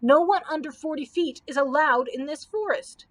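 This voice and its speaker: Lady doing a blubbery cowardly candy giant, squeaky and loud, whining. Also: moderate pace, lightly acted. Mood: wailing. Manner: high, loud, wailing pleas. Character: huge cowardly candy giant, whiny and tearful.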